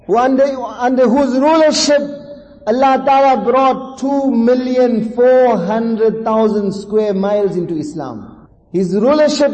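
A man's voice: extremely high pitch, a little mellow, muffled recording. Male preacher, fervent sermon storyteller, long hall reverb on the voice. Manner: fervent, repeats lines for emphasis.

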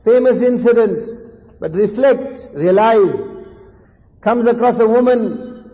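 A man's voice: very high voice, slow pace, warm tone, highs cut off. Male preacher, fervent sermon storyteller, long hall reverb on the voice. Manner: fervent, repeats lines for emphasis.

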